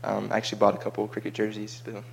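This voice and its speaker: Flat, gravelly man chatting. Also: fairly low pitch, very fast, slight background noise. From United States. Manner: chatty and rambling, with frequent repeated words. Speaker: vlogger recounting a mission trip. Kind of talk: casual chat.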